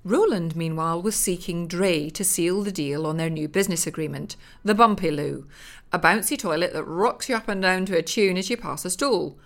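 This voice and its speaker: A woman narrating a comic story in a dry, deadpan manner. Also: lowish voice, moderate pace.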